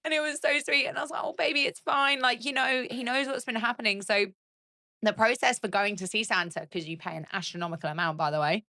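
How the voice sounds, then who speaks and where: A woman in her thirties co-hosts a casual podcast chat, telling stories and laughing a lot in a fairly high, sharp voice at a quick pace. The audio is studio quality, with no room sound.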